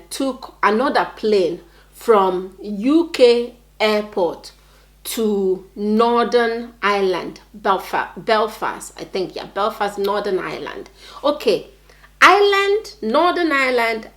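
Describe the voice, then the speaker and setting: A young woman with a Nigerian accent, telling a personal story time on her vlog, with many fillers and repeated phrases. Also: medium pitch. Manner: earnest, repetitive storytelling with many "like"s. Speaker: vlogger.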